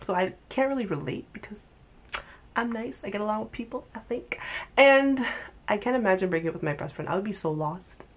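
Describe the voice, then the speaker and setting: A young woman giving a casual, animated TV recap, chatting fast and acting out lines with exaggerated voices. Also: mid-range voice. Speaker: TV recap vlogger. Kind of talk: casual commentary.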